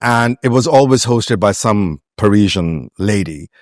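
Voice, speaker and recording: Pakistani man, guest in an interview, lowish voice, dry close sound, thinks aloud and circles back. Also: animated, unhurried, no room sound. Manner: reflective, meandering with frequent restarts and fillers. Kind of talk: conversational interview.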